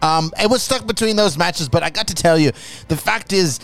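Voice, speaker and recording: Brief: male co-host, high gravelly voice, jokey and profane, casual chat. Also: brisk, soft background music. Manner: joking, animated, swears freely. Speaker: co-host of a wrestling show.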